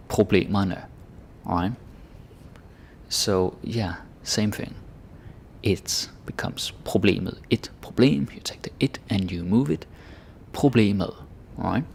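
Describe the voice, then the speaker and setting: A young man teaching grammar in a relaxed way, repeating words slowly and adding casual asides. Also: on the low side, creaky, slight background noise. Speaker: language teacher.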